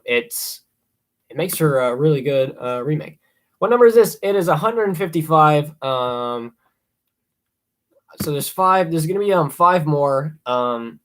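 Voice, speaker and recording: A young man hosting a casual live stream, rambling with many ums and excited asides. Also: medium pitch. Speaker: livestream host ranking horror films.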